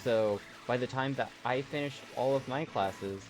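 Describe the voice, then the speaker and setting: Young male streamer, mid-pitched, loose and playful, chuckles a lot, background music under him. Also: measured pace, rough recording. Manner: rambling and playful, chuckling between stories. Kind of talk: casual live-stream chat.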